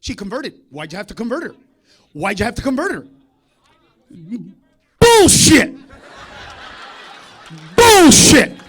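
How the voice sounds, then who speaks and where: A man doing a live stand-up routine in a comedy club, profane and confrontational, needling the audience and swinging from low muttering to shouting. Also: sing-song, fast, slightly rough.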